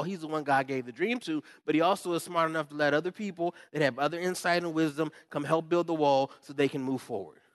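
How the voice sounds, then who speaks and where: A fired-up man preaching to his church with a slightly high voice. He swings between loud, rallying calls and hushed, wry asides, often slipping into other people's voices. The sound is close and dry. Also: no room sound. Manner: animated, swings from loud pumped-up shouting to quiet asides, acts out quoted voices. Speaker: pastor. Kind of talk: sermon.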